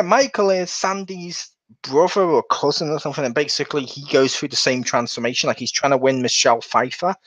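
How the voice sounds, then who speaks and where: A man chatting casually on a podcast, telling lively stories and acting out other people's voices. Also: fairly high pitch, brisk, no room sound. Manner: animated storyteller who acts out quotes in different voices. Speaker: podcast co-host. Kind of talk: casual chat. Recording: dull, lo-fi sound.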